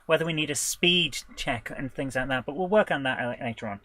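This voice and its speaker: A man designing a tabletop game live, thinking aloud in a hesitant, halting way, stopping and correcting himself, with bursts of excitement when an idea lands. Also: mid-range voice. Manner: hesitant, halting, full of restarts and self-corrections. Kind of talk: thinking aloud while working.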